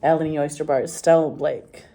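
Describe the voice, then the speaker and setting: Scottish woman vlogger, low mellow voice, loose sweary ramble. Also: normal speed, slight background noise. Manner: swears freely, rambling and animated. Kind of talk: casual chat to camera.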